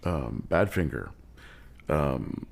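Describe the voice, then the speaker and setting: A man's voice: extremely low pitch, big pitch swings, very slow, vocal fry. A male podcast host chatting casually, asking easygoing questions of his guest. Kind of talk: casual interview chat.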